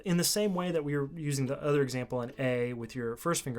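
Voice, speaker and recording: A man giving a casual video lesson on the mandolin, explaining in a relaxed way with fillers and restarts. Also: mid-range voice, quick pace. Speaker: mandolin teacher. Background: mandolin playing between phrases.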